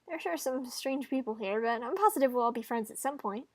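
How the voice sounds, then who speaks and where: Woman doing a friendly upbeat student hero, reassuring, high voice, dry sound. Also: expressive, quick pace, no echo. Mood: kind, reassuring. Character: kind, upbeat student protagonist.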